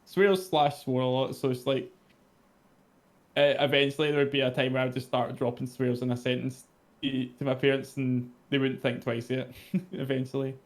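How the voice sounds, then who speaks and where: A man with a Scottish accent talks in a loose, easygoing way, sentences trailing off as he laughs. His voice sits at an ordinary middle pitch, nothing strained about it. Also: flat delivery, normal speed. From Scotland. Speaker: podcast co-host. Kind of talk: casual chat.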